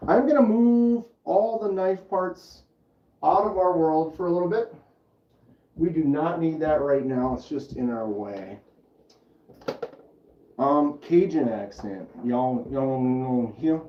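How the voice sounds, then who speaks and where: A man's voice: fairly high pitch, slow pace, long pauses, far from the mic, highs cut off. Chatty man demoing in a roomy space. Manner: chatty, explains steps and reads chat aloud. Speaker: livestream host. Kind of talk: casual livestream demonstration.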